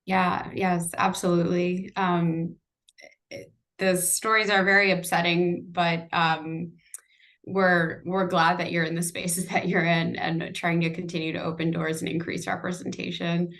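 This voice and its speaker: A woman's voice: lowish voice, little pitch movement, unhurried, fairly bright tone. A woman hosting a webinar on a video call, responding encouragingly to a guest and passing the floor to the next question. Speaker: webinar host. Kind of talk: moderating a live webinar.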